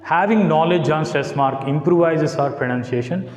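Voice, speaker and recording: A man's voice: on the high side, reverberant, in a large hall, poor audio. A man with an Indian English accent, giving a classroom lecture as a college English teacher, spelling out letters and checking with his students. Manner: slow and deliberate, spells out letters, checks with "got it?".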